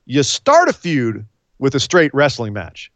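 A man's voice: mid-range voice, unhurried, no echo. Sarcastic podcast host guy, voice jumps all over, kinda dull lo-fi sound, dry. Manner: animated, sarcastic. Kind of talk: casual wrestling podcast chat.

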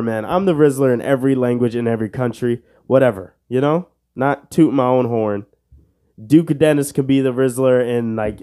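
A man's voice: medium pitch, a little mellow. A young man hosting a casual solo podcast, joking and self-mocking, swearing under his breath while he plays a quiz. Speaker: podcast host.

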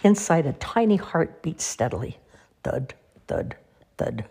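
A woman reading children's storybooks aloud in a gentle, expressive storytelling voice. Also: sits low, measured pace, creaky, breathy edge. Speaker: storybook reader.

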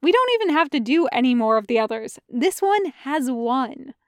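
A woman's voice: high voice, animated, normal speed, no room sound, clean studio sound. A woman voicing a cocky young man who vlogs candy reviews, wry and swearing casually. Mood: cheeky.

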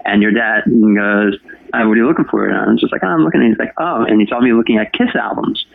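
A man's voice: lowish voice, fast, creaky, no room sound. A man in his forties, a radio host from New Jersey, telling a long story in a chatty way during an interview. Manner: chatty storyteller, talks to anybody. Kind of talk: casual interview. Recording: dry phone-line sound.

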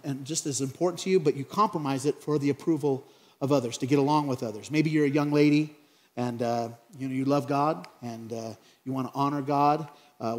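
A man preaching a sermon in a large church hall with a long echo. His voice sits a touch high, and he keeps things playful and conversational. He acts out small scenes in comic voices. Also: a little mellow. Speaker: pastor.

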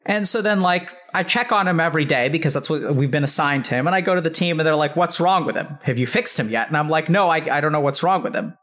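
A man's voice: on the high side, quick pace, few pauses, a bit bright. Casual swearing man telling a story. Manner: rambling, heavy use of "like", swears freely. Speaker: psychiatrist, podcast guest.

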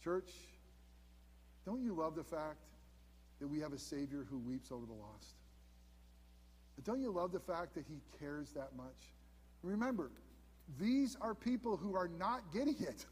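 A man in his fifties preaching a sermon as pastor, earnest, dropping to hushed emphasis on key points. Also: fairly high pitch, lively intonation, measured pace, pauses often, slightly rough, long reverb tail. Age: 50s. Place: church sanctuary.

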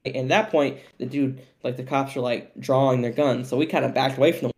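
A young man co-hosting a podcast, telling a story in casual, profane, animated chat and often laughing. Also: mid-range voice, brisk. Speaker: podcast co-host.

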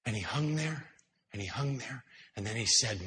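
A man of average pitch delivers a sermon inside a church hall. He tells the story dramatically, sinking to hushed, slow phrases and then rising to loud, emphatic lines. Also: lively intonation. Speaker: preacher. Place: indoor church hall with high ceiling.

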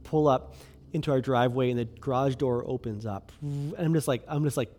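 A man's voice: medium pitch, brisk, dark tone. A man in his thirties preaching a sermon as a pastor, in a conversational way, often asking "right?" and saying "like".

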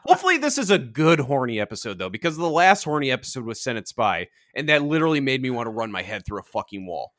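A man co-hosting a podcast in casual chat, gushing excitedly and swearing freely. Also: medium pitch, fast talker, hardly any pauses. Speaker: podcast co-host.

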